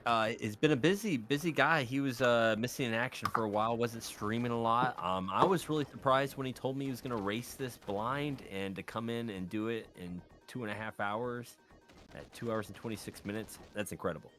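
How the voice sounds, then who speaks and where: A man's voice: mid-range voice, a little fast, fairly bright tone, soft background music. A man hosting a game race stream, chatting upbeat and friendly with plenty of fillers. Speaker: race host and commentator. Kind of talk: casual stream commentary.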